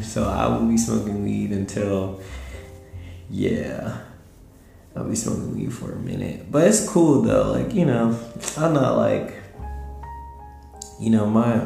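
A tired young man hosts his podcast late at night from home, drifting through slangy, laid-back talk. His voice sits very low, with a dark, mellow tone and a gravelly edge. The room adds a clear echo. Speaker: podcast host. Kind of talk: casual late-night monologue. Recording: roomy echo with faint music.

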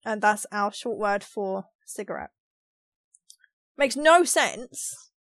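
Speaking slowly in a mid-range, slightly bright voice, an animated Cockney woman from England co-hosts a casual podcast. She laughs often and explains with examples, recorded without any room sound.

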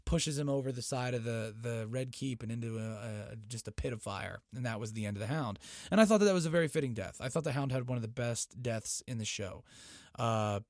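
A man's voice: mid-range voice, a little fast, no echo. Guy ranting through a tv recap, swearing a ton, dry close sound. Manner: excitable, heavy swearing. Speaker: TV episode recapper. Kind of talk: casual profane recap.

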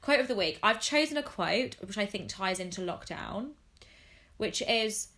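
A woman's voice: medium pitch, expressive, moderate pace, a bit bright. A young woman hosting a podcast, chatting casually with a friend and rambling with lots of "like". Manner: chatty, rambling, heavy use of "like". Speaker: podcast host.

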